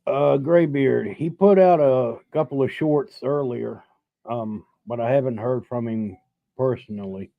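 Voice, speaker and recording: A man's voice: mid-range voice, measured pace, creaky, no room sound. A middle-aged man hosting a live stream, telling a story in a laid-back, rambling, profane way while having drinks. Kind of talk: casual storytelling chat over drinks. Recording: dull, dry lo-fi sound.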